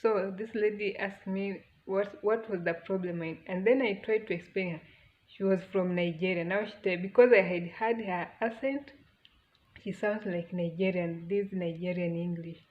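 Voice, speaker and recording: A woman's voice: medium pitch, steady tone, moderate pace, muffled recording. Earnest Kenyan woman telling her story. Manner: earnest, emotional, with frequent restarts. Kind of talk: casual storytelling.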